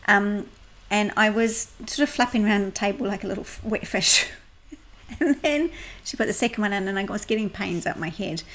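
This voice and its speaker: A woman's voice: medium pitch, brisk, fairly bright tone. A middle-aged woman co-hosting a podcast, telling stories in a chatty way and laughing often. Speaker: podcast co-host and salon business coach. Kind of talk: casual podcast chat.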